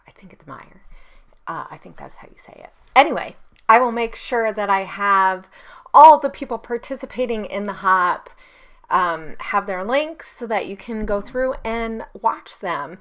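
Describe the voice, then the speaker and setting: A woman in her thirties sits at her home desk, chatting through a casual scrapbooking tutorial for her YouTube channel while a camera on a stand records her. Her mid-range voice is fairly bright, with lively intonation and a measured pace. She rambles, adding ums and correcting herself.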